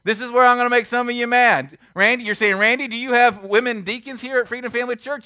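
A man preaching a sermon as pastor, emphatic and full of rhetorical questions, swinging between loud and hushed. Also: extremely high pitch, fairly even intonation, fast talker, few pauses, no echo, clean studio sound. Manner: asks the congregation many rhetorical questions. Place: church sanctuary.

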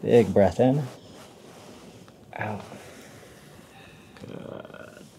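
A male chiropractor talking a patient through treatment in a calm, instructive way with the odd light joke. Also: lowish voice, very slow, vocal fry, slight background noise.

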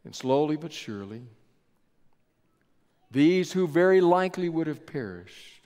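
A male pastor preaching a sermon in a measured storytelling style with dramatic pauses, in a large church sanctuary. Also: a little high, expressive, a little mellow, clean tone. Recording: echoey church hall with long reverb.

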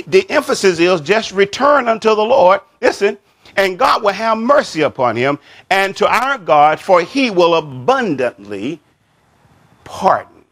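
A man preaching a sermon as pastor, repeating and stressing key words, stretching scripture phrases slowly and sinking his voice at the end of each point, with frequent calls of amen. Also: fairly bright tone. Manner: drops pitch and volume at the end of a point; frequent amen and child of God to the congregation.

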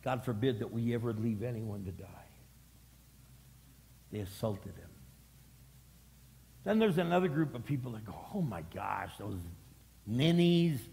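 A man's voice: medium pitch, lively intonation, normal speed, creaky, pauses often, warm tone. A middle-aged male pastor preaching a sermon, with dramatic delivery and lots of repetition. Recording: long hall reverb.

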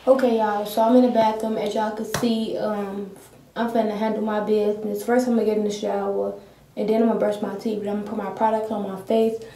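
A woman's voice: medium pitch, flat delivery, a little fast, mellow, slight background noise. A young woman, chatting casually to her viewers in a get-ready-with-me vlog from her bedroom, recorded on a phone. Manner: chatty, slangy, talks straight to viewers. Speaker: vlogger. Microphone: phone camera.

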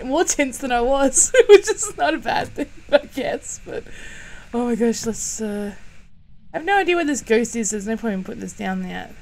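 A woman's voice: fairly high pitch, slight background noise. A young woman streaming a game live, chatting away, easily startled and laughing often. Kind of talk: live gaming commentary.

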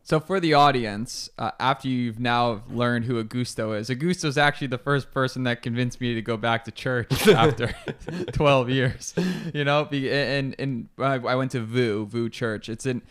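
A man hosting a casual podcast interview, speaking in a relaxed, reflective way with frequent restarts. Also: medium pitch, moderate pace, smooth. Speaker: podcast host.

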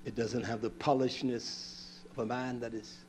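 A man's voice: mid-range voice, level tone, moderate pace, a little mellow, a little hiss or hum. A man preaching a conversational sermon in a plain-spoken, blunt way.

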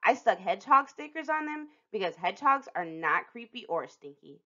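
Woman, storytime reader, children's picture book read aloud, expressive with dramatic pauses, lively pitch, dull lo-fi recording.

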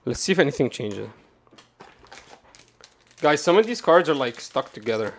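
A man giving casual, rambling commentary to his chat while opening card boxes, swearing and jumping from calm talk to loud rants. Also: medium pitch, moderate pace. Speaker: card game streamer.

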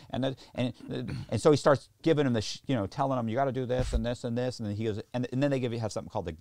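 A man as a podcast guest, telling stories in casual chat, profane and animated, and he mimics other people in the story with high squeals and low mutters. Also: rapid-fire, few pauses, no echo.

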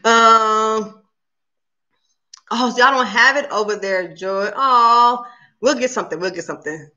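A woman hosting a livestream, chatting casually with her viewers and talking very fast. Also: fairly high pitch, pushed and bright. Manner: talks very fast; chatty and upbeat, addresses viewers as "y'all". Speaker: cooking channel host on a livestream. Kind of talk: casual chat with live viewers.

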